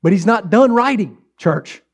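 A man's voice: high voice, expressive, moderate pace. A pastor preaching a sermon, exhorting with repeated emphatic phrases and shifting his pace for effect.

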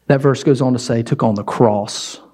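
A middle-aged male pastor preaching a sermon in an animated way, acting out scenes as he goes. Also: mid-range voice, moderate pace.

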